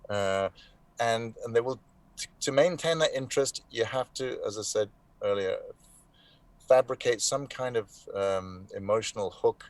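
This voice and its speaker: A man of middle pitch tells stories in a relaxed interview, animated and unhurried, with frequent false starts. His voice sounds close and dry, with no room around it. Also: dry recording. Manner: animated anecdotes with hesitant restarts. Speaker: actor being interviewed. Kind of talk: casual interview storytelling.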